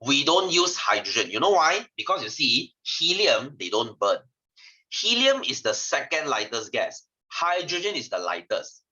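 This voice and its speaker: Over dull, lo-fi video call audio, a male science tutor with a Singaporean English accent runs an online lesson at a normal speed. His mid-pitched voice swings widely and sounds pushed and bright as he chats, teases students, and tags "lah" onto his sentences.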